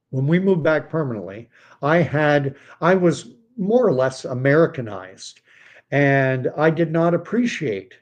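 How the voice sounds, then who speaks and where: A man's voice: mid-range voice, lo-fi sound. A man in his fifties from Canada, hosting a casual livestream and talking in a rambling, digressive way with many fillers and restarts. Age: 50s. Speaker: livestream host.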